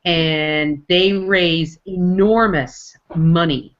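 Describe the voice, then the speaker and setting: A woman's voice: lowish voice, steady tone, drawn-out words. Emphatic woman panelist explaining over a dull web call. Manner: emphatic, repeats herself. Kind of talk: casual panel chat. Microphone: video call.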